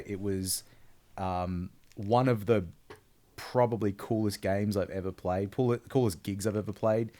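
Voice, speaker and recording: A man's voice: fairly low pitch, a little mellow. A man with an Australian accent, co-hosting a podcast in laid-back, rambling casual chat. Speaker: podcast co-host.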